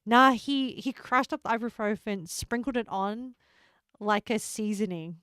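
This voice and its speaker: A woman's voice: a little high, unhurried, fairly bright tone, clear, resonant tone, no echo. A woman streaming a game, chatting casually with her viewers, joking and laughing often, on a close desk microphone.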